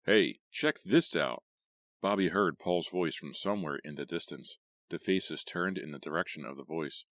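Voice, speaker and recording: A man reading a horror audiobook in a measured, steady way. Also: a bass voice, no echo, studio quality. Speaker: audiobook narrator. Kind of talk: scripted horror audiobook narration.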